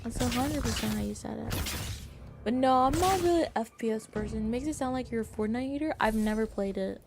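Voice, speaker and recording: A young woman streaming a game live, chatting with viewers in an excitable, playfully indignant way that jumps into squeals. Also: a little high, fairly quick, vocal fry, background noise.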